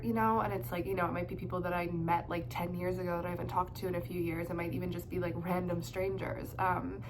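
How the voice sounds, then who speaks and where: Her voice sits fairly low and flat as she talks fast with few breaks, congested from a cold. The woman, in her twenties, wanders through tarot and astrology talk in a casual vlog full of fillers, with a noisy background behind her.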